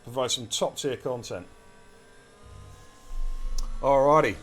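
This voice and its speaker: A man with an English accent giving lively, chatty live commentary on an esports race and talking to his chat as he goes. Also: medium pitch, takes it slowly. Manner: energetic, chatty, addresses chat directly.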